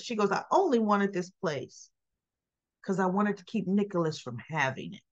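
A woman's voice: mid-range voice, animated, moderate pace, dull audio. A woman chatting casually as she recaps soap opera scenes, retelling dialogue and tossing in her own asides.

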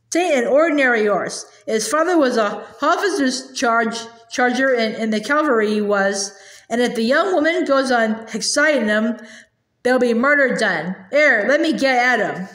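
A woman's voice: on the high side, expressive, moderate pace, fairly bright tone, roomy sound, poor audio. A woman voicing an urgent cab driver in a storybook reading, dropping aitches and using old cockney slang. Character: gruff London cab driver man.

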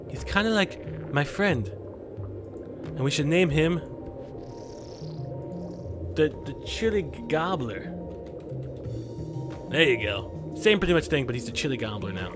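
Excitable young man narrating gameplay. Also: mid-range voice. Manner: excitable, jokey, reads game prompts aloud and talks to his creature. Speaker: gaming YouTuber. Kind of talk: let's play commentary.

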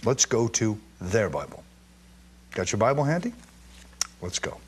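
Male Bible teacher from Jerusalem, husky voice, animated emphatic delivery with stammered restarts. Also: lowish voice, unhurried.

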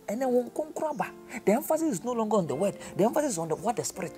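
Ghanaian preacher guy, high voice swinging all over, faint music underneath. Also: very animated, fast talker, few pauses, mellow. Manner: impassioned, swings between low and crying out. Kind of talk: sermon.

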